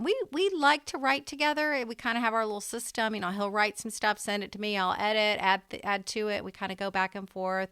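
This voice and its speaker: A middle-aged woman, a guest author, chatting in an interview as an animated storyteller with quick emphatic asides. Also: medium pitch, clean tone, no room sound, studio quality. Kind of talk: casual interview conversation.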